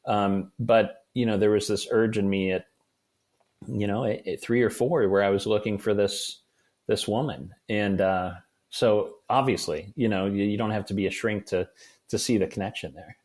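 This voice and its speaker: A man who is a guest author on a podcast, chatting casually and telling lively anecdotes. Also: lowish voice, normal speed. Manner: animated anecdotal storytelling.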